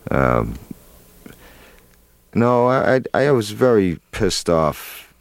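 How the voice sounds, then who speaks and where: A man's voice: lowish voice, big pitch swings, very slow, gravelly, dry recording. A man, an actor, telling a long story in an interview, rambling with many fillers and restarts. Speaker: actor guest.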